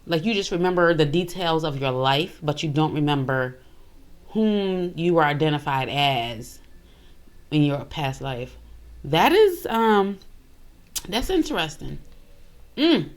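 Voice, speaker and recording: A woman hosting a casual reaction video, chatty and quick to exclaim. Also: low-pitched, animated. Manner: chatty, exclaims and laughs often.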